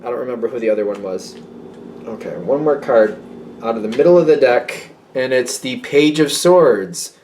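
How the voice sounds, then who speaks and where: A man giving a casual tarot reading, rambling and correcting himself, getting excited as he talks. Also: medium pitch, moderate pace, slight background noise. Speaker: tarot reader.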